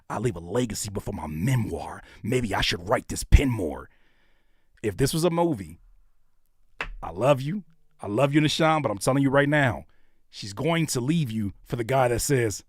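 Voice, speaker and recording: Animated American man reacting live. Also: normal speed, slightly rough, dry recording, clean studio sound. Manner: loud, joking, swings from shouts to low mutters. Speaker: rapper reacting to viewer music on a live stream.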